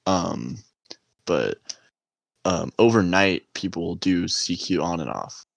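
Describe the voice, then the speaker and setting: A young man casually telling army stories, swearing a lot and laughing as he acts out shouted orders. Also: low-pitched, animated, slow pace, gravelly, dry recording. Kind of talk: casual chat.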